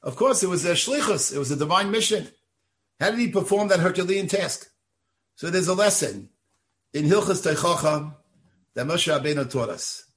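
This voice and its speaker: An older rabbi lecturing on Torah with steady earnestness, weighing his words as he teaches. His voice sits a touch higher than most men's. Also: moderate pace. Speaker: rabbi of a synagogue.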